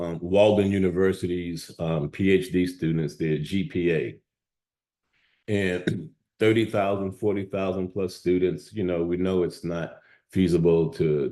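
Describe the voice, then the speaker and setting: A man's voice: low-pitched, warm tone, roomy sound. A man giving an evening lecture on statistics to students, talking conversationally and often checking in with "okay?".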